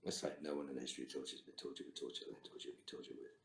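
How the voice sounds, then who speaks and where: A man's voice: a bass voice, level tone, rapid-fire, gravelly. A middle-aged man, an actor on a virtual fan Q&A, reading out fan questions and answering with dry, terse quips over a video call. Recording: roomy echo.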